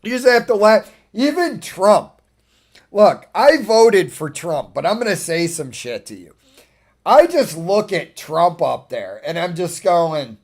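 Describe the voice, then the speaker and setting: A man's voice: high-pitched, very animated, a little slow, a little mellow. A man talking casually as a streamer, ranting in a profane, exasperated way and laughing often.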